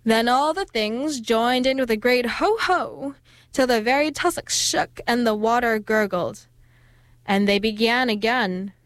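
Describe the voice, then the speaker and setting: A woman's voice: a little high, measured pace, no room sound. Woman reading a folk tale aloud. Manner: steady, expressive storytelling. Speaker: storyteller.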